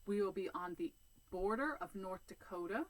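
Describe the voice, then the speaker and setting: A woman's voice: mid-range voice, lively intonation, normal speed, low-quality recording. Chatty woman vlogging outdoors. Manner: chatty and rambling, with many "um"s and restarts. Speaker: cross-stitch vlogger. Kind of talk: casual vlog chat. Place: sitting outdoors.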